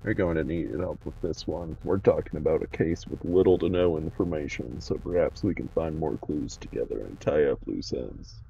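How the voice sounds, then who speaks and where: A man's voice: extremely low pitch, moderate pace, vocal fry, hardly any pauses, warm tone, distant mic, muffled recording, soft background music. A man voicing a confident, matter-of-fact retired detective in a game, offering to help with a case. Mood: serious.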